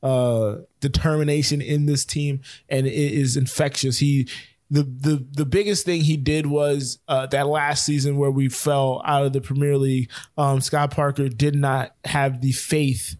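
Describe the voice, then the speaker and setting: A young man talking sports on a podcast, rushing through his points with plenty of ums and self-corrections. His voice sits at an ordinary pitch and sounds dry and close to the mic. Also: flat delivery, darkish tone, no echo. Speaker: podcast co-host. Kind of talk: casual sports chat.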